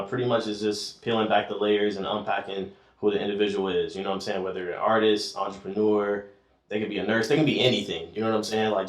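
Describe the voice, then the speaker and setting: Man, podcast host, laid-back, slangy, lowish voice, echoey room. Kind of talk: casual interview hosting.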